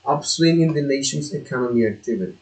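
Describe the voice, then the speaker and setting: A man who is not a native English speaker, studying out loud on his own, halting and repeating words, now and then swearing in frustration. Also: medium pitch, lively intonation. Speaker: self-taught learner. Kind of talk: thinking aloud while studying. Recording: echoey room.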